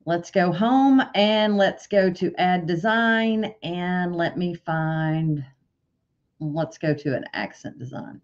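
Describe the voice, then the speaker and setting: A woman walking through embroidery software step by step in a tutorial, stopping now and then to correct herself. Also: on the low side, takes it slowly. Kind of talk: screen-share software tutorial. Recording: dull lo-fi sound.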